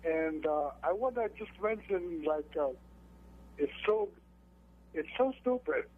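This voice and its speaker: High-voiced caller on a tinny phone line. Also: male voice, lively intonation, slight background noise. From Manhattan. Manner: halting, filler-heavy, indignant. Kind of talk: phoned-in comment to radio show.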